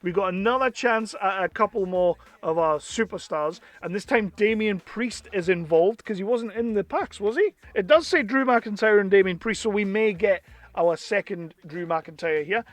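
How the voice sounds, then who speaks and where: Chatty, fairly high-voiced Englishman. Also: normal speed, dry recording. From England. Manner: chatty and enthusiastic, with bursts of excitement. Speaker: toy reviewer. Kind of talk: casual unboxing chat.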